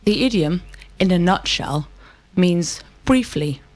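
A woman's voice: lowish voice, expressive, slow, darkish tone, dry recording. A woman answering lesson questions in precise, complete sentences. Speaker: model student. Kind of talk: scripted drill answers.

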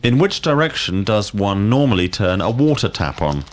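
A male language teacher, asking drill questions slowly and clearly. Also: fairly low pitch, big pitch swings. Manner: slow, deliberate, clearly enunciated questions. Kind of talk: scripted drill lesson.

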